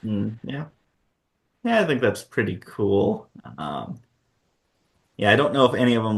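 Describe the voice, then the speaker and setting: A man's voice: fairly low pitch, big pitch swings, unhurried, pauses often, fairly bright tone. A man co-hosting a board game channel, chatting casually about award nominees and thinking aloud with fillers.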